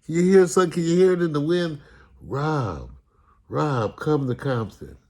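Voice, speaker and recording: A man's voice: a little high, expressive, unhurried, warm tone, voice pushed up. A man putting on the voice of his stern, sarcastic father lecturing his son in a mock-solemn way.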